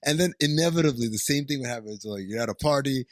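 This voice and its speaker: A man's voice: mid-range voice, quick pace, no echo. A man co-hosting a movie podcast, riffing sarcastically, rambling and swearing with frequent laughs. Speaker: podcast co-host. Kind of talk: casual movie-riffing chat.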